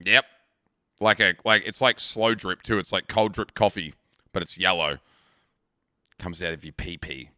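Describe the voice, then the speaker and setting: Aussie guy in his 30s, super bright crisp voice, crude rambly stories, swears a lot. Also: deep voice, fairly even intonation, measured pace, pauses often, no echo, clean studio sound. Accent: Australian. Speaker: live streamer. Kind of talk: casual chat with stream viewers.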